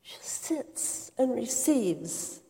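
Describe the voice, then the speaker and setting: A woman's voice: a little high, very slow, in a whisper, heavily acted. A woman playing Martha, a busy and indignant hostess, in an earnest dramatic monologue. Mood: reflective. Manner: earnest, expressive storytelling with quoted outbursts. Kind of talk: dramatic first-person monologue. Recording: reverberant hall.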